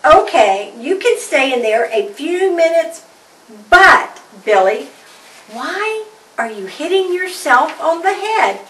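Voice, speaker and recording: A woman voicing a worried mother of a small boy, soft and concerned. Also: sits high, big pitch swings, takes it slowly, heavy background noise, pitched above the performer's own voice, full character voice. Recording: roomy sound from a distant mic.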